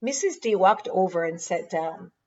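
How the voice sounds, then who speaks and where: A woman preschool teacher reading a children's storybook aloud in an expressive storytelling manner, on a dull lo-fi recording. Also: lowish voice, normal speed. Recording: dull lo-fi sound.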